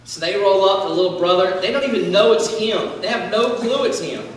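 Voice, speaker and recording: A man giving a casual sermon, retelling a Bible story in a chatty, animated way with lots of fillers. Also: high-pitched, a little fast, few pauses, a little hiss or hum. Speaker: student speaker. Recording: echoey hall from far off.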